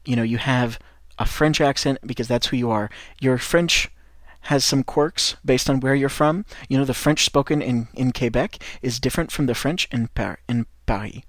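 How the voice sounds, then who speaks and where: A man's voice: mid-range voice, normal speed, no echo, studio quality. An American man with a Midwestern accent giving an encouraging, rambling podcast lesson to French learners of English. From United States. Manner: encouraging, rambling, with frequent restarts. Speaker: English teacher and podcast host.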